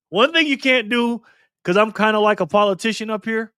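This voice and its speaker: A man's voice: high voice, a little fast, sharp tone, clear, resonant tone, no room sound, studio quality. A man hosting a casual live stream, joking and chatty as he reads donations and chat messages aloud. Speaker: livestream host.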